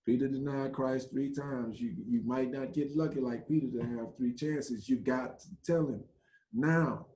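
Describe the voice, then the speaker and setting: A man's voice: mid-range voice, steady tone, normal speed, warm tone, echoey room, close to an everyday voice. A man voicing an old, wise, commanding spiritual woman who urges someone insistently. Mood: urgent. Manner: urgent, insistent exhortation.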